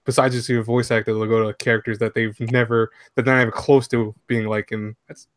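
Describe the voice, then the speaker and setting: A man's voice: medium pitch, level tone, a little fast, dry recording, studio quality. A man hosting a live stream as an anime YouTuber, an enthusiastic fan who often stumbles and restarts his sentences. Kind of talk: casual live-stream interview.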